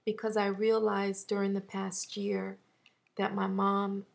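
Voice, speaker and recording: A woman in her thirties talking through a personal loss in a vlog, halting and heartfelt, close to tears at times. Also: medium pitch, monotone, gravelly. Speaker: vlogger.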